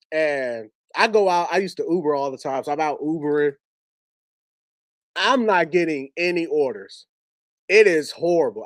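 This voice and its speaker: A man's voice: a little high, no room sound. Candid man with a dry, close sound. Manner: candid, halting, laughs while telling stories. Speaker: host. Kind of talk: personal storytelling on a livestream.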